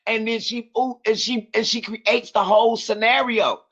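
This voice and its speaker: A man with a high voice chats animatedly as a co-host, speeding up as he mimics others. The sound is dull and lo-fi. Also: husky. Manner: animated, fast, mimics people. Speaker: podcast co-host. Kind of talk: casual chat.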